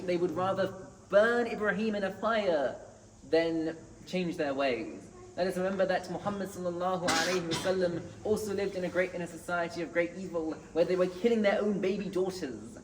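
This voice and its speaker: A man giving an earnest Friday sermon in a mosque, reciting Arabic scripture between his points. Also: a little high. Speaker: mosque preacher. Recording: echoey hall, distant mic, faint noise.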